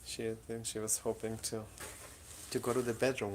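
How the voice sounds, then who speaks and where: In a brisk, level tone and an extremely low pitch, a woman coaxes and teases her cats during a casual chat at home. The recording comes from a camera in her apartment, with heavy background noise.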